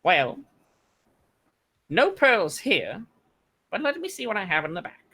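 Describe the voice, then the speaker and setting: A man voicing a stocky male gnome alchemist with a mousy, squeaky voice and a fussy, curious shopkeeper manner. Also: huge pitch swings, a little slow, sharp tone, breathy edge, full character voice.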